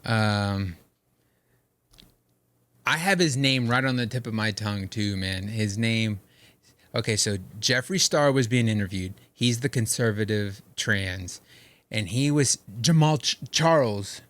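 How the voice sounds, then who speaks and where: A young man co-hosting a podcast, chatting casually and telling animated stories full of slang. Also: fairly low pitch, unhurried. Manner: animated storytelling, slangy, quotes others in put-on voices. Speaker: podcast co-host. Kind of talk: casual chat.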